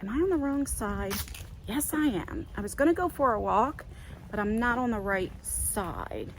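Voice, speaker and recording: Middle-aged woman vlogger, higher-pitched, loose chatty delivery while walking outside, light background hiss. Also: lively intonation, moderate pace, poor audio. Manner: chatty, rambling, many fillers. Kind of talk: casual walk-and-talk vlog. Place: outdoors on a walk.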